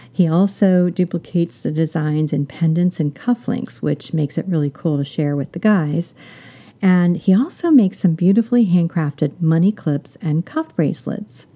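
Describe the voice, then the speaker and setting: A middle-aged woman hosting a jewelry podcast, talking fast and enthusiastically with small laughing asides. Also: deep voice, mellow. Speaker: podcast host.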